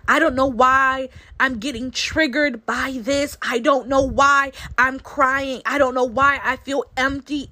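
A woman's voice: on the high side, sharp tone, rough recording. A woman in her late twenties giving an earnest devotional sermon, repeating key phrases for emphasis. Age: late 20s. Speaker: Christian speaker.

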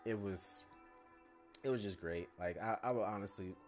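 Man, young, very low voice, casual profane rambling, blunt opinions, faint background music. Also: normal speed. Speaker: anime reviewer.

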